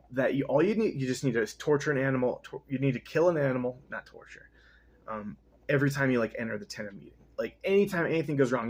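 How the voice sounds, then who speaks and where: Young man reading aloud, husky voice, middle pitch, rambling and swearing. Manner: rambling, profane, self-interrupting. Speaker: reader. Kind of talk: casual read-aloud with commentary.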